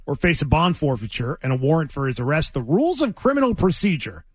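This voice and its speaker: A man's voice: a little high, very animated, fast talker, husky, no room sound. A man hosting a talk radio show, steering the segment in a dry, needling, precise way. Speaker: radio host.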